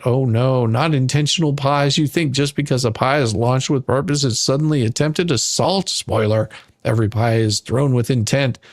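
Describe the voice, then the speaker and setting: Guy ranting sarcastic about a fake lawsuit, mock outrage, dry close sound, middle pitch. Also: no room sound. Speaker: commentary channel host. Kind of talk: comedic mock-legal rant.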